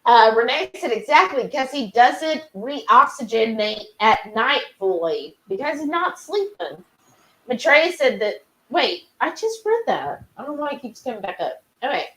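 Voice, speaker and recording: A woman's voice: a little high, a little slow, low-quality recording. A woman co-hosting a casual livestream, chatting and reading viewer comments aloud. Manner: reads chat messages aloud, chatty and animated.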